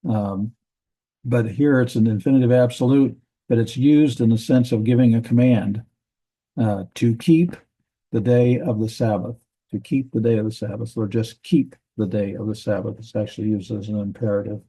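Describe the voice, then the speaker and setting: A man teaching a grammar lesson from a Bible language textbook, methodical, repeating words and pausing with fillers. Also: lowish voice, fairly even intonation, mellow, breathy edge, low-quality recording.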